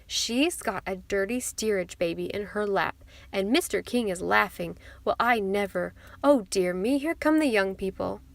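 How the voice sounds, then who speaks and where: A woman reading an audiobook, voicing a fussy, gossiping society wife who talks in a hushed, spiteful way. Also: mid-range voice, normal speed, gravelly, no echo, lightly acted. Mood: gossipy.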